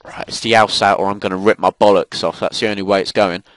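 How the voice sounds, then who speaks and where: A man's voice: on the low side, steady tone, fast, fairly bright tone, no echo. A young man giving live commentary over a shooter game, swearing and ranting in frustrated outbursts. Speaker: gaming commentator.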